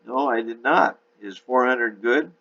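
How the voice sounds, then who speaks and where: A man's voice: mid-range voice, unhurried, sharp tone, lo-fi sound, pitched above the performer's own voice. A man reading aloud and voicing a polite, shy young Englishwoman abroad, lifting his voice a little for her. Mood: puzzled.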